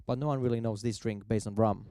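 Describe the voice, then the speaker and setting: A man giving a festival talk on the history of coffee cocktails, telling it as a lively story in non-native English. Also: on the low side, fast, dry recording. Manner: lively storyteller who acts out quoted voices.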